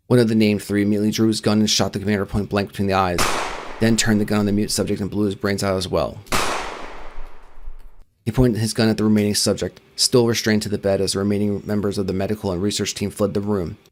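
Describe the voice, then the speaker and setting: A man reading a creepypasta aloud as a channel host, in a steady storytelling manner. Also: fairly low pitch.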